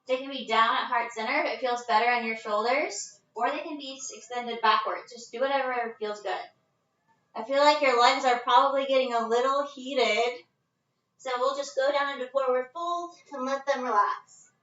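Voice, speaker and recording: A woman's voice: high-pitched, steady tone, moderate pace, a bit bright, echoey room, recorded from a distance, highs cut off. Breathless woman leading yoga at home. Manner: casual, chatty, breaks into laughs. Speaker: yoga instructor. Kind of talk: live-streamed yoga class instruction. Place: her living room at home. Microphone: phone set at a distance.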